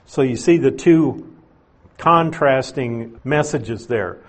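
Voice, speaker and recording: A man's voice: mid-range voice, takes it slowly. A man preaching an expository sermon, explaining verses plainly with conversational asides.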